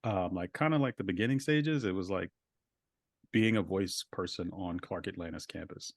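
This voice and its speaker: A man's voice: low voice, normal speed, dry recording, clean studio sound. A man, a voice actor guest, talking over a video call in a casual interview, reflective and full of filler words.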